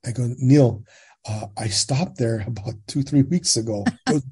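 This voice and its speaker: A man's voice: mid-range voice, brisk, slightly rough. A man in his sixties from California, telling his own story as a podcast guest, animatedly acting out the dialogue and often checking in with "right?". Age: 60s. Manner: animated retelling, quotes dialogue, frequent tag questions. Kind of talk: personal storytelling in conversation.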